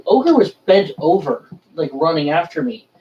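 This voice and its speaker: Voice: medium pitch, big pitch swings, normal speed. A relative telling a childhood story casually, chiming in with short, easygoing remarks. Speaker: family member sharing memories. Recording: dull distant audio with faint noise.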